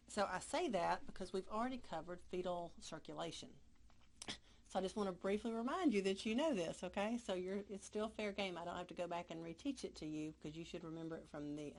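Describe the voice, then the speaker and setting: Woman, hoarse from a cold, lower voice, casual lecture, fillers, asks "right?". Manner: casual teaching with many fillers and check-ins. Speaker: instructor. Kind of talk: recorded lecture.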